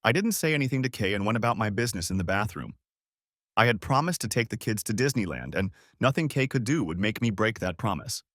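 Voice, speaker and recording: A man with a low voice and a lively, swinging delivery narrates a first-person story in a bitter, sardonic tone. The recording is dry and close, with no room sound. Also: quick pace, dry recording.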